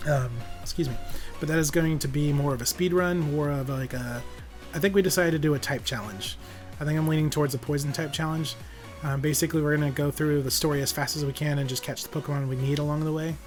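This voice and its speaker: A young man casually commenting on a game stream, relaxed and rambling with many fillers. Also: a little high, fast talker, few pauses, soft background music.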